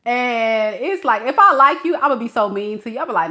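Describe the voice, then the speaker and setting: Young female tarot reader, lively and playful, higher voice that swoops around, casual chat to camera. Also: fairly quick. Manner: animated, playful storytelling with lots of acted-out voices.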